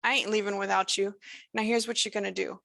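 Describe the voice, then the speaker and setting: A woman gives voice to a menacing male entity who drawls in lilting, sing-song spirals. His folksy, rambling lines carry a gravelly edge. The sound is dry and close. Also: mid-range voice, level tone, fast talker, fairly bright tone, no room sound.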